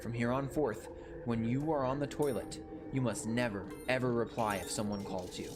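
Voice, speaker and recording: A man voicing an inhuman monster in a horror game, speaking slowly and solemnly with threats. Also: mid-range voice, steady tone, music in the background, close to an everyday voice. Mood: menacing. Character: slow, menacing toilet monster from the depths.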